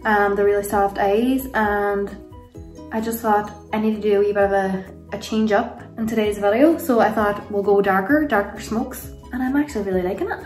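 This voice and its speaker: A young Irish beauty vlogger chats through her makeup routine at home, with kids nearby, rambling and gushing over products and laughing often. Her mid-range voice has a darkish tone, fairly even intonation and a normal pace. Sitting a bit back from the mic, she sounds roomy and echoey over faint music in this casual tutorial and Q&A.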